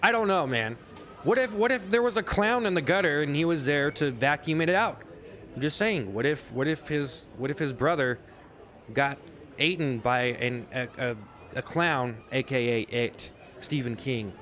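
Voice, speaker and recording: A man's voice: a little high, moderate pace, a bit bright. A man ranting in a sarcastic, rambling comedic monologue, swearing often, in a casual vlog. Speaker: vlogger.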